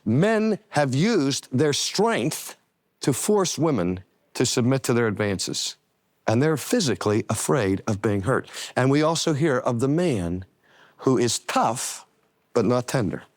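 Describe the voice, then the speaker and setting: A man's voice: mid-range voice, no room sound, studio quality. An older man teaching in an earnest sermon style, stressing key words and drawing them out. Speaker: preacher and teacher.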